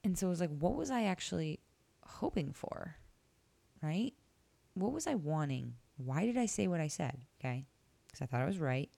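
A woman's voice: low-pitched, very animated, moderate pace, vocal fry, dark tone, no echo. A young woman hosting a podcast, candidly retelling a dream and reflecting on it in a casual, personal way. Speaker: podcast host. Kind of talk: casual solo podcast talk.

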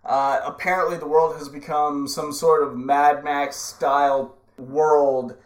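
A man's voice: a little high, little pitch movement, slow pace, roomy sound. A man in his thirties co-hosting a casual podcast, laughing often and restarting his sentences. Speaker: podcast co-host. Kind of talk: casual chat.

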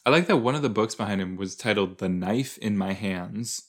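Speaking at a normal speed in a fairly low voice, a man hosts a podcast of casual rewatch commentary. He thinks aloud, rambling and joking, into a desk microphone with a cord.

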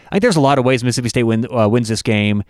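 A man with a clear, smooth voice co-hosts a football betting show. He leans on stats and likes a pun. The recording is dry and close. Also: mid-range voice, racing, a little mellow, no room sound. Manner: jokey, cites stats, trades puns. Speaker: podcast co-host. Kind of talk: casual sports betting chat.

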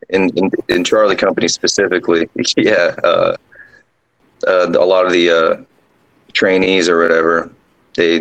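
A drill sergeant guest casually telling a ghost story, rambling along with lots of fillers. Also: male voice, low voice, creaky, fairly bright tone, poor audio.

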